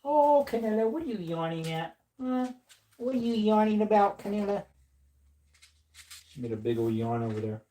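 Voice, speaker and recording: A woman's voice: medium pitch, big pitch swings, normal speed, long pauses, warm tone. A woman chatting casually on a livestream while reloading ammunition, playful and laughing often. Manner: playful, laughs often, slips into silly voices.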